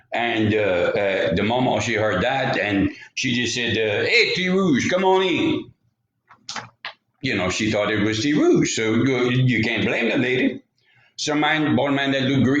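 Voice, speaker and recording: A man's voice: medium pitch, slight background noise. A man with a Louisiana Cajun accent telling a folksy story aloud, with rambling, chatty asides. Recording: roomy, slightly dull home recording.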